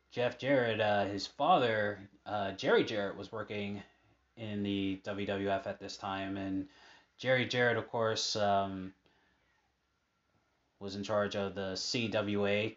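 A man's voice: fairly low pitch, steady tone, measured pace, a bit bright, lo-fi sound. A man casually chatting over old match footage, rambling with many fillers and asides. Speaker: fan commentating on old matches.

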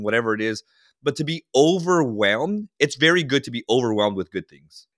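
A man's voice: medium pitch, normal speed, no room sound, clean studio sound. A man guest on an interview podcast, talking casually and acting out voices of the people in his stories. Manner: animated storyteller acting out quoted dialogue. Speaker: podcast guest, leadership consultant.

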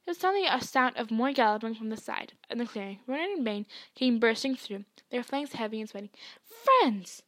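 A woman reads a novel aloud, slow and hushed as she tells the story. Her voice sits slightly high. The recording is dry, with no room sound. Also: animated, no echo. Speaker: reader.

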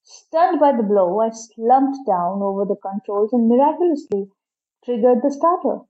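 A woman narrating a detective storybook in a lively, dramatic manner, on a dull lo-fi recording. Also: fairly high pitch, normal speed. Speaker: story reader.

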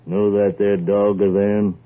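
Play a cruel country man, as an actor does: low, gloating, folksy, in a phone-thin 1940s radio broadcast. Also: flat delivery, unhurried, lightly acted. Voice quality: folksy ungrammatical drawl. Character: mean coarse rural man, gloating and cruel. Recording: tinny old radio broadcast.

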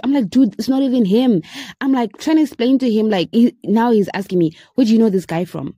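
A woman's voice: fast talker, no echo, studio quality. A young woman in her twenties from Zimbabwe, hosting a podcast and telling a story casually, acting out the people she quotes with big leaps in her voice. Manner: animated, acts out quoted voices with big pitch jumps. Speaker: podcast host.

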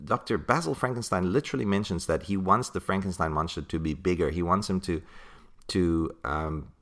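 A man's voice: sits low, fairly quick, a bit bright. A man co-hosting a podcast, chatting casually about an old comic book, talkative and laughing often. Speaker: podcast co-host.

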